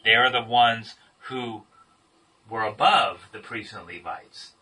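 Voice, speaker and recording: Man, Bible study leader, bright husky voice, questions the group, distant mic. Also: lowish voice, takes it slowly. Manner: asks the group questions, praises answers. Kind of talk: interactive Bible study teaching.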